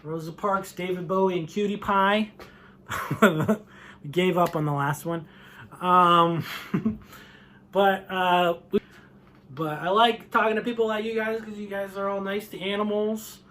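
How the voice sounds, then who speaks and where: A man performing a stand-up set, animated, often laughing and acting out voices. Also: sits high, a little slow. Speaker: stand-up comedian.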